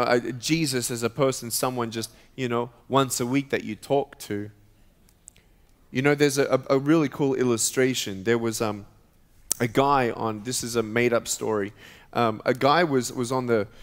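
A man giving an emphatic sermon as guest speaker at a church, storytelling and preaching with rising intensity. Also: mid-range voice. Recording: reverberant church hall.

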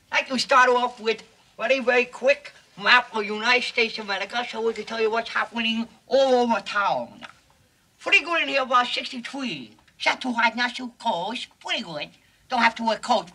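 Casual: guy putting on a confused weatherman, super bright tone, rambles all over the place. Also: very high voice, breathy edge, exaggerated voice, rough recording. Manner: rambling, muddled, folksy broadcaster patter. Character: bumbling male TV weatherman, rambling. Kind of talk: 1950s film comedy.

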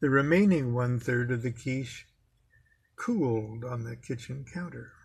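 Gravelly man reading his memoir wryly. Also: mid-range voice, a little slow. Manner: wry, self-mocking storytelling. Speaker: author reading his own book.

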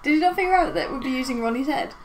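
A woman's voice: high-pitched, animated, very fast, slight background noise, poor audio. A woman chatting casually as a co-player in a game, laid-back and amused. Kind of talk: casual let's-play chat.

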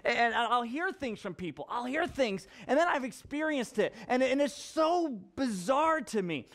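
A man who is a young father and pastor, giving a conversational sermon full of personal stories and animated repetition. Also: very high voice, normal speed. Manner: animated storyteller, repeats himself for effect.

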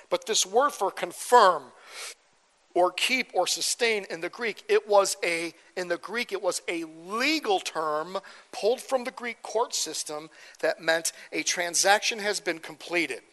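A man's voice: sits high, pushed and bright, long reverb tail. A man preaching a verse-by-verse sermon as pastor, conversational, often checking in with "okay?" and "right?". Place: church sanctuary.

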